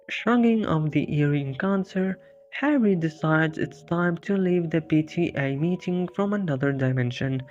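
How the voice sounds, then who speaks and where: Comedy narrator, dry and jokey, mid pitch, lo-fi recording. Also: moderate pace. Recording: dull lo-fi with faint music.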